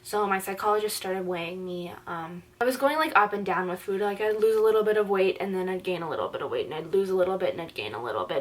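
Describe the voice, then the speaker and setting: A young woman from Canada talks straight to the camera about her own life. She is earnest and chatty and leans on "like" as a filler. Her voice sits at an ordinary middle pitch for a woman. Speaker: vlogger. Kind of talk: personal storytelling to camera.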